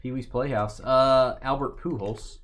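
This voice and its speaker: A man hosting a live sports card break, joking and rambling as he calls out names and teams. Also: unhurried. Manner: joking, rambling, lively pitch swings. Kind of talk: live stream banter.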